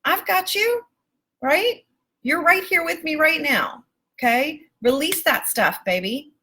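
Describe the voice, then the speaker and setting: A woman's voice: high voice, expressive, takes it slowly. A woman life coach speaking live to her viewers, emphatic and affectionate, calling them baby and my love and swearing casually. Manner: warm, emphatic, calls listeners baby and my love. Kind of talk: live-stream coaching talk.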